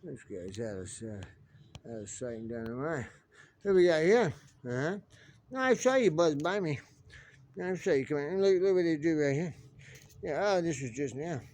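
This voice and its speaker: A man's voice: fairly high pitch, animated, normal speed, long pauses, a little mellow. Chatty rambling man outdoors. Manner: chatty, repetitive, talks to birds. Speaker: vlogger. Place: outdoors on pavement. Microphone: phone camera held in one hand.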